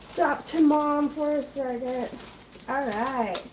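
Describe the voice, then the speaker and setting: A woman's voice: high-pitched, slow pace, a little hiss or hum. A woman hosting a casual cooking livestream from her home kitchen, a chatty, scattered mother reading viewer comments aloud as she cooks. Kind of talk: casual live-stream chat while cooking.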